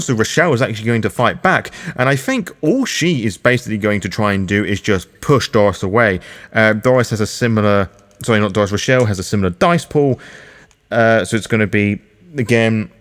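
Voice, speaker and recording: A British man with a somewhat low voice narrates a solo tabletop role-playing game. He thinks aloud as he works through dice rolls and rules, often restarting his sentences. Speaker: solo game master and player.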